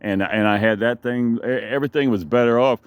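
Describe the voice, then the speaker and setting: A man's voice: mid-range voice, a little fast, clear, resonant tone, no echo, lo-fi sound. A man rambling through a profane, digressive story in a casual vlog, recorded outdoors in his backyard.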